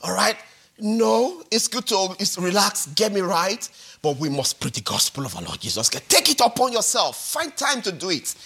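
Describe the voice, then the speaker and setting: A man in his forties preaching a sermon as pastor, animated and repetitive, often checking in with the congregation. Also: high-pitched, normal speed, vocal fry, slightly rough. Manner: animated, repetitive, peppered with "all right?" and "hallelujah".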